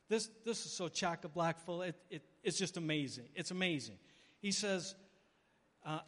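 High-voiced man preaching in a reverberant church. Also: moderate pace. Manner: animated, dramatic storytelling with playful asides. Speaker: pastor. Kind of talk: sermon.

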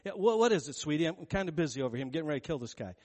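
A man's voice: fairly high pitch, very animated, rapid-fire, a little mellow, big-room sound. A man voicing a disbelieving, dismissive male Roman governor in casual modern speech, within a sermon. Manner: casual, modern-sounding slang.

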